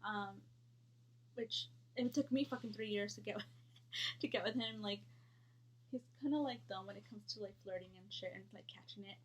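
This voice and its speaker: A woman's voice: medium pitch, normal speed, pauses often, a little hiss or hum. A woman in her thirties telling a storytime vlog in a blunt, heated, profane way.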